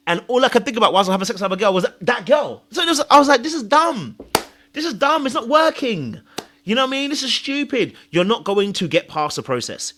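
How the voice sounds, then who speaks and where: Male podcast host, fairly high and very animated, emphatic and confessional. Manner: emphatic, confessional, acts out own thoughts. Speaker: podcast host and dating coach. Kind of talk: animated advice monologue.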